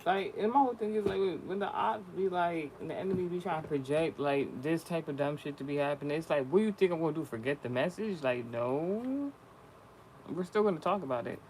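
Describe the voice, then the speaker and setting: A man's voice: fairly high pitch, expressive, brisk, darkish tone, slight background noise. A young man rambling casually and profanely in slangy vlog talk. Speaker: spiritual content creator.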